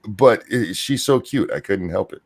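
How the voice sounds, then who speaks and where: A man's voice: lowish voice, expressive, moderate pace, breathy edge. An older man hosting a casual live-stream chat, sick with a chest cold and struggling to talk. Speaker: podcast host.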